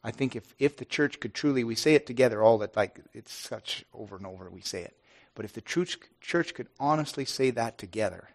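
A middle-aged pastor speaking earnestly and haltingly to his congregation, with many restarts. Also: mid-range voice. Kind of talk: informal devotional talk to a congregation.

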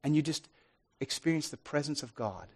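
A man giving an earnest sermon testimony, restarting often and swinging from loud to soft. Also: fairly high pitch, lively intonation, moderate pace, breathy edge.

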